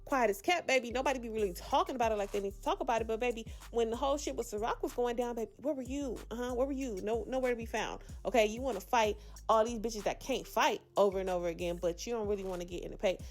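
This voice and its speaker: A woman's voice: on the high side, fast. A woman hosting a casual reality TV recap, talking sassy and slangy with dramatic asides. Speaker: reality show recap host.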